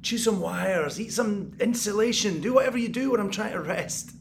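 An actor playing an exhausted, paranoid male tenant in an audio drama, muttering and taunting, then bursting into angry shouts. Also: high-pitched, animated, moderate pace, gravelly, slight background noise. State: exhausted and sleepless. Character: paranoid sleepless male tenant, bitter and unraveling. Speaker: sleepless tenant hearing noises in the walls.

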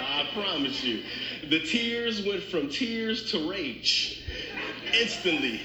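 A male pastor preaching in a church, bright and forceful in tone, chatting with his congregation as he tells funny stories. His voice rings through a roomy sanctuary with plenty of echo. He keeps the delivery animated and conversational. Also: fairly high pitch, slight background noise. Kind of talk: storytelling sermon with humor.

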